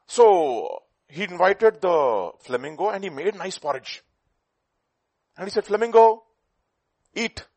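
Animated male preacher, sweeping pitch. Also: unhurried. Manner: animated, rhetorical questions, storytelling. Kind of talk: sermon.

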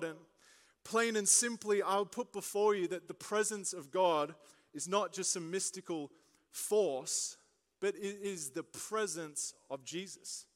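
Bright-voiced young pastor in a big hall. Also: male voice, high-pitched. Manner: animated storytelling with jokes and asides. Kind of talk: sermon. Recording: long reverb of a large hall.

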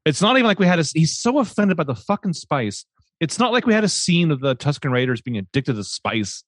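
A man's voice: a little high, big pitch swings, brisk, no echo, studio quality. A man co-hosting a podcast, chatting casually with profane, exasperated ranting. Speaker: podcast co-host. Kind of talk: casual chat.

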